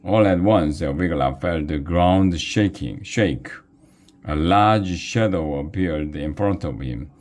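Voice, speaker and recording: A deep-voiced man reads a children's storybook aloud slowly and deliberately. His pitch moves a lot, giving the narration an expressive, storytelling lilt. The delivery is unhurried and clear for young listeners. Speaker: reader.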